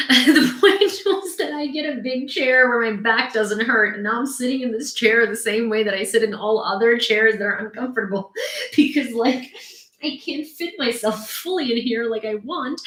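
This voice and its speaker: A young woman with a Ukrainian accent chats casually on a live stream, laughing often. Her voice is bright and forceful. The room around her echoes. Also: fairly high pitch. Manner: chatty, laughs often, talks to her dog. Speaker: host of a live news stream. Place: home room.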